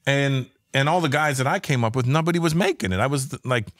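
A man's voice: mid-range voice, quick pace, no echo, studio quality. A man in his fifties from Canada, a stand-up comedian telling stories in casual chat, swearing freely and acting out the voices of people he quotes. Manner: profane, animated, acts out quoted voices.

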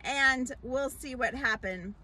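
A woman pastor telling a Bible story in a children's sermon, explaining slowly with many fillers and restarts. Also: high voice, bright, forceful tone, poor audio.

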